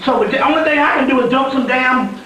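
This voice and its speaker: A man's voice: very high-pitched, fast, pushed and bright, faint music behind. A man giving a rambling, profane spiritual lecture as a story, often laughing as he talks. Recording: echoey room from a distant mic.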